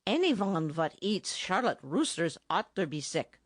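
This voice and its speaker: A woman's voice: fairly low pitch, sing-song, a little slow, no room sound. A woman voicing a bossy, pompous middle-aged German bandmaster who speaks mangled English with a thick German accent, in a dry audiobook recording. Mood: blustering. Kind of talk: audiobook character voice.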